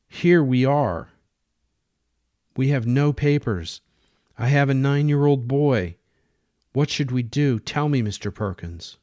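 A man's voice: medium pitch, lively intonation, slow, long pauses, darkish tone, no room sound, clean studio sound, pitched above the performer's own voice. A man voicing Katerina, a stern grandmother who speaks sharply and urgently.

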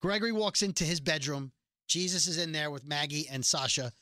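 Bright, high-voiced man recapping a show. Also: dry recording, clean studio sound. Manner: animated retelling, quoting characters in quick bursts. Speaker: podcast co-host recapping a TV episode. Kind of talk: casual chat.

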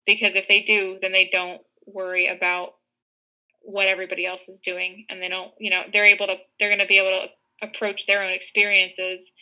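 Female podcast co-host, very bright tense tone, narrow pitch, thoughtful rambling. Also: monotone, a little fast. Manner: reflective, circling thoughts, restarts. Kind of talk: casual podcast chat.

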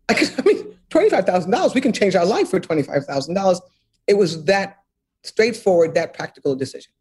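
This author's mid-range voice is a little mellow and slightly rough. As an older woman in a reflective interview, she speaks earnestly and emphatically about her past, frequently repeating phrases and laughing between thoughts.

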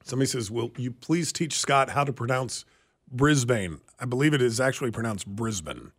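A man's voice: mid-range voice, fast, fairly bright tone. A man co-hosting a talk radio show, chatting casually and opinionatedly, often stumbling over restarts.

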